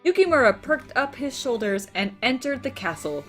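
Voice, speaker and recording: A woman's voice: high-pitched, sing-song, normal speed, a bit bright, soft background music. A woman co-hosting a let's play, reading the heroine's lines aloud with chatty, bemused side comments. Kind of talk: reading a visual novel aloud.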